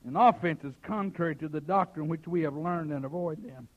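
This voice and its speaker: A man preaching a fiery revival sermon, shouting some passages and dropping to a hush on others, peppering his talk with "amen.". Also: on the high side, normal speed, few pauses, dull audio. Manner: shouting preaching, swinging from loud to hushed; folksy, sprinkled with "amen".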